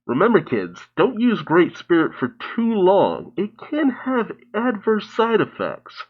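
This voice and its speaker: A man's voice: high-pitched, wildly swooping pitch, unhurried, hardly any pauses, muffled recording. A man hosting an anime reaction, joking, swearing and laughing often as he mock-quotes the characters. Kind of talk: casual reaction commentary.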